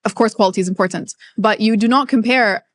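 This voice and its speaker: A woman nutritionist speaks with firm, emphatic conviction, peppering her points with rhetorical questions. Her voice sits at an ordinary middle pitch. The recording is close and dry, with no room sound. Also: quick pace, no echo. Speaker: guest nutritionist. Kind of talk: casual interview chat. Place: Middle East.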